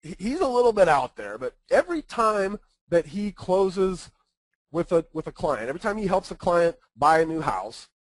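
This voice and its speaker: A man's voice: high-pitched, very animated, moderate pace, no echo, rough recording. A man giving a casual webinar presentation, talking conversationally and often checking in with his listeners.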